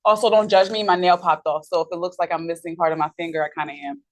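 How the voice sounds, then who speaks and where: A woman chats candidly and quickly. Her voice sits on the lower side, and she laughs easily. She speaks as a podcast guest. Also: fairly even intonation. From New York. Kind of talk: casual chat.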